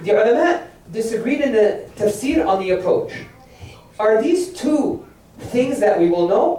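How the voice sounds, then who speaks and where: A man's voice: high voice, warm tone. A man giving a religious lecture that explains Quranic verses, firing rhetorical questions and acting out quoted voices. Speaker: religious teacher. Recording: very echoey, far from the mic.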